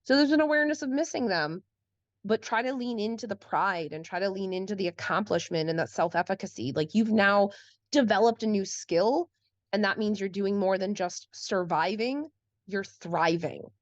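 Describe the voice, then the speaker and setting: Woman co-host, casual and chatty, heavy on "like" fillers, mid pitch, dry and slightly muffled audio. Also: expressive, normal speed, no echo. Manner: chatty, frequent "like" fillers, acts out quotes. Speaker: podcast co-host. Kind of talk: casual conversation.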